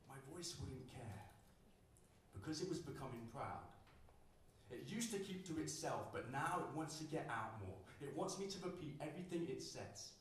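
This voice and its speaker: A man's voice: on the high side, lively intonation, moderate pace, a little hiss or hum. A young British man from the UK performing spoken word poetry at a live poetry night, rhythmic and dryly humorous. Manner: rhythmic, dry humor, shifting emphasis. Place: live poetry night, roomy indoor venue. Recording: very echoey room, mic far off.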